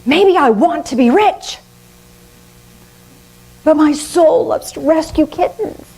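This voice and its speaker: An older woman preaching a sermon in a lively, conversational way, often laughing at herself. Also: high voice, slow, rough recording. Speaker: minister.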